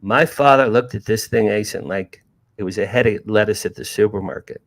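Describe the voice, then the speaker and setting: His voice sits fairly low, brisk and touched with vocal fry. The speaker is a sixty-something author from New Jersey, a guest telling a lively, casual story with frequent restarts and repeated words.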